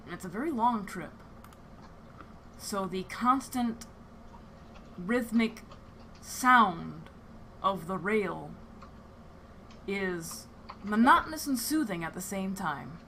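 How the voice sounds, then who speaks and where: Woman storyteller for a streamed tabletop game; bright tone, chatty, casual. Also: mid-range voice, lively intonation, takes it slowly, long pauses, slight background noise. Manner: chatty, laughs often, trails into filler words.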